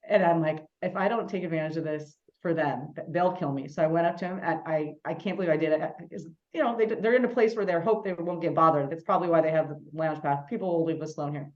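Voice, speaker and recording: A woman co-hosting a podcast, an animated storyteller in casual chat. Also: low voice, lo-fi sound. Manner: animated storyteller, quick and chatty. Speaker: podcast co-host.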